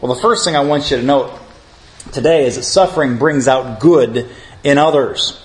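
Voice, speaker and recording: A man's voice: medium pitch, moderate pace. A man leading a theology class, opening in prayer and then lecturing earnestly, calling his listeners friends. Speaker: Bible teacher.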